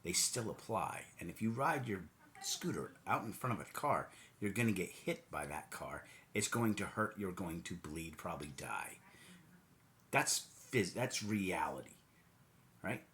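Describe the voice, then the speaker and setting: A man's voice: deep voice, sing-song, measured pace, a bit bright, a little hiss or hum. An American man delivering a sarcastic, mocking political rant, now and then putting on silly voices. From United States. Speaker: political commentator. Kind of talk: ranting monologue.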